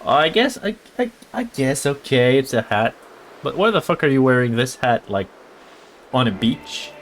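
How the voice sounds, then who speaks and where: A man's voice: medium pitch, sing-song, moderate pace, slight background noise. A man giving casual let's-play commentary, full of profane, joking, playful asides. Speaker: gaming streamer.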